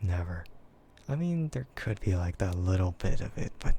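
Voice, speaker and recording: An American man chatting in a soft, gentle ASMR voice, relaxed and hesitant with frequent giggles. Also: deep voice, moderate pace, slight background noise. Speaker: VTuber streamer. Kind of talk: soft-spoken ASMR chat.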